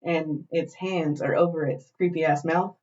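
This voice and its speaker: A woman co-hosting a podcast, retelling a show in animated, profane casual chat. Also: sits low, moderate pace. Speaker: podcast co-host. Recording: dull lo-fi glitchy recording.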